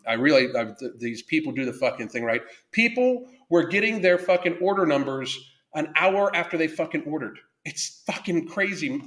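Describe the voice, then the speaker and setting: A man's voice: medium pitch, a bit bright. A man hosting a livestream, ranting bluntly and swearing constantly, reading viewer comments aloud between tirades. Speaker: livestream podcast host. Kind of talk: profane ranting livestream monologue.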